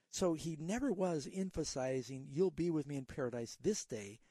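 A man's voice: on the high side, animated, moderate pace, few pauses, mellow, no echo. Earnest male radio Bible show host. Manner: earnest, teaching tone with a storytelling aside. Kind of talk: call-in radio answers, explaining scripture.

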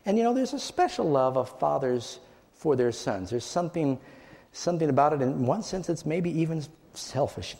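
Preacher guy telling a bible story, big swings up n down, dark mellow voice, long reverb like a church hall. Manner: dramatic storytelling, voice rising and dropping low. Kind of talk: sermon.

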